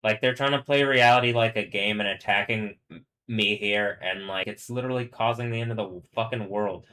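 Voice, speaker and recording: Man, rambling live-stream monologue, swearing, halting restarts, low-set voice, tense bright tone. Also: steady tone. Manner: reads news aloud, stumbling over words.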